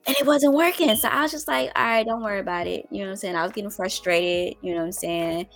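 A middle-aged woman telling a story to her viewers in casual, colloquial talk, calling them y'all and getting loud when excited. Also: medium pitch, quick pace, faint music behind. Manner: animated, with loud exclamations and laughs. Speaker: vlogger.

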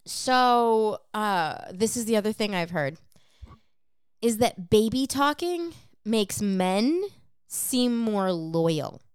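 Woman, podcast co-host, casual chat, blunt, swears freely, smooth resonant voice, dry close sound. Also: medium pitch, lively intonation, slow pace, no echo. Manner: frank and profane, explaining at length.

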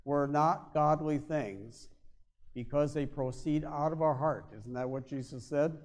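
A male pastor preaching a sermon, with emphatic stresses that drop to quiet, low endings. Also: unhurried. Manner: emphatic, swings between loud stresses and quiet drops.

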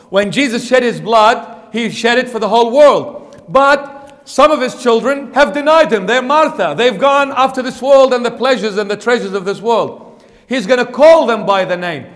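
High-voiced preacher in a reverberant church. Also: male voice, lively intonation, normal speed. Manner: emphatic, questions the congregation directly. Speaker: bishop preacher. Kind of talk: sermon.

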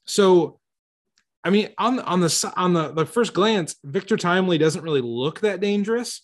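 A man's voice: sits high, expressive, moderate pace. A man hosting a casual movie podcast, enthusiastic and rambling, often restarting his sentences. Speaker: podcast host.

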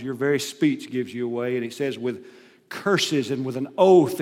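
A man's voice: medium pitch, animated, moderate pace. A man preaching a sermon, retelling scripture with dramatic, rising emphasis. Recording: long hall reverb.

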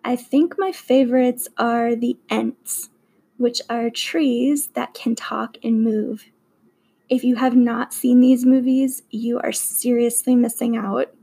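A woman's voice: fairly high pitch, fairly even intonation, takes it slowly, gravelly, mellow, breathy edge, poor audio. A young woman walking through her list of favorite movies in an earnest, enthusiastic way. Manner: earnest and enthusiastic, with emphatic superlatives. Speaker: vlogger reviewing favorite movies. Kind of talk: slow, deliberate countdown of a movie list.

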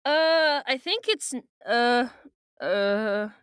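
Recapping a book on a podcast she co-hosts, this woman chats casually, giggling and using lots of fillers. She speaks very slowly in an animated, slightly high voice that's a bit bright, clear and resonant. The studio-quality recording has no room sound.

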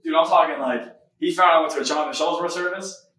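Young man preaching fast in echoey room. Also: on the high side, far from the mic, a little hiss or hum. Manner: rapid, animated storytelling. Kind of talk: testimony sermon.

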